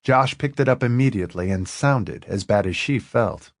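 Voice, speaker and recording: Male audiobook narrator, low voice, lively expressive delivery, dry close mic. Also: normal speed, dry recording.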